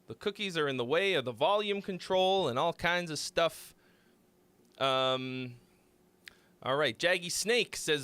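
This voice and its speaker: Lively, bright-voiced young man chatting on stream. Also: fairly high pitch, moderate pace, no echo. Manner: loose, rambling, swears freely. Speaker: streamer hosting song critiques. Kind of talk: casual live-stream chat.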